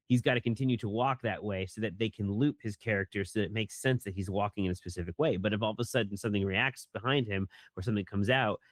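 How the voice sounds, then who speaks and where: A voice director and actor answers interview questions in a rambling, casual manner packed with fillers, sometimes acting out line readings. His voice is on the low side, with no echo.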